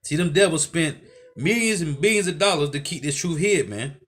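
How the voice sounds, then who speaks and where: Man, preaching commentary, keeps saying "man", quotes scripture, slightly high voice, faint music behind. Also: animated, brisk, a bit bright, breathy edge. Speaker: host.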